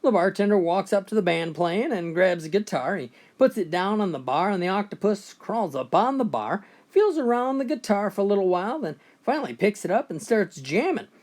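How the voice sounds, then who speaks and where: A man's voice: high-pitched, lively intonation, brisk, few pauses, a little mellow. A man telling a string of bar jokes in a folksy storytelling manner, often starting with "well". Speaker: joke teller.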